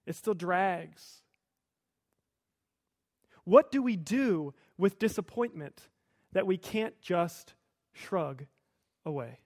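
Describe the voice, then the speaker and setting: A pastor preaching a sermon in a conversational, lightly humorous storytelling manner. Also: male voice, high-pitched, animated, slow pace, long pauses, a little mellow, dry recording, studio quality.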